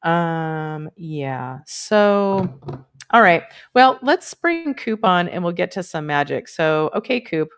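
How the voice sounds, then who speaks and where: Unhurried, low-voiced woman host, rambling. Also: sing-song, clear, resonant tone. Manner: rambling, chatty, many fillers, playful asides. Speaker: livestream host. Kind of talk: casual livestream chat.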